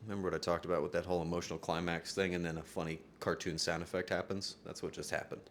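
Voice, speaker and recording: A man's voice: sits low, level tone, fast, slight background noise. Profane, earnest male streamer. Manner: jokey, laughs often. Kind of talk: livestream talk to chat.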